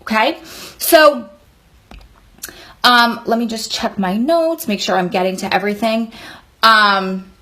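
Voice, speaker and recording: Woman, thirties, fairly high voice, earnest, emphatic, talking straight to camera. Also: slow, long pauses, bright, forceful tone. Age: 30s. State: sweaty, hot room. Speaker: vlogger. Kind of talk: emotional advice monologue.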